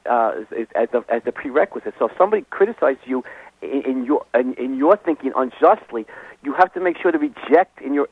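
A man gives advice over a tinny, narrow phone line, in a voice of middling pitch. He speaks haltingly, often restarting words and filling pauses with "uh". The line sounds dry and close. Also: husky, no room sound. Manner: halting, repeats words and fills with uh. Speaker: guest expert. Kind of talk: advice call-in talk.

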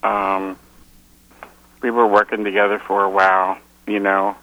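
Gravelly hesitant male caller. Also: fairly low pitch, completely flat delivery, dull audio. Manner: hesitant, halting, many fillers. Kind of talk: call-in conversation.

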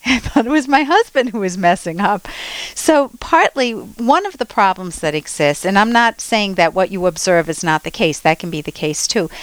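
A middle-aged woman hosting a radio call-in advice show, counseling a caller gently and reassuringly, with soft laughs. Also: mid-range voice, smooth, no echo, poor audio.

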